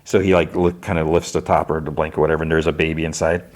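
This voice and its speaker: Man, low voice, casual podcast recap, filler-heavy, rambling. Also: level tone, quick pace. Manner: rambling, loose delivery full of "like" and restarts. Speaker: podcast host.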